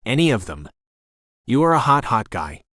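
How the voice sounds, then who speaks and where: A man's voice: medium pitch, sing-song, normal speed, fairly bright tone, dry recording, studio quality. A man voicing a confident young adult man in an audiobook, speaking in an easygoing, reassuring way. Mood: earnest. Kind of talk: audiobook character reading.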